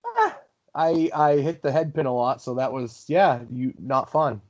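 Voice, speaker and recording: A man's voice: mid-range voice, very animated, unhurried, lo-fi sound. A man co-hosting a podcast, teasing his friend and laughing easily in casual chat. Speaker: podcast co-host.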